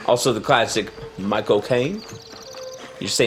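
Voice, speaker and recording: A man's voice: mid-range voice, moderate pace, soft background music. A man co-hosting a game stream, joking and laughing through casual chat. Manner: joking, playful, laughs often. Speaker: co-host playing a game on stream.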